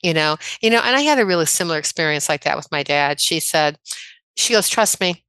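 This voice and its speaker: A woman in her sixties from the American Midwest, a chiropractor telling personal stories in a casual interview, chatty and quick to laugh. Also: sits low, animated, a bit bright, smooth, no room sound. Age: 60s. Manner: chatty, anecdotal, laughs often. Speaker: podcast guest, chiropractor.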